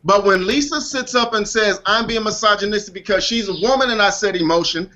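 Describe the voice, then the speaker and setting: A man's voice: high-pitched, fairly quick, bright, forceful tone, dull audio. A man in a heated casual debate on a video call, insistent and defensive, repeating his point. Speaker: panelist in an online discussion.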